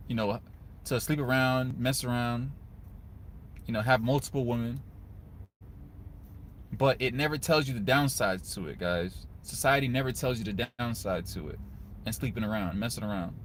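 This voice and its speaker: A young man, giving casual, earnest advice to other men, often turning to the listener with a quick "right?". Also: mid-range voice, slight background noise. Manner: earnest, conversational, repeats "guys" and "right?". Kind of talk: casual motivational talk to camera.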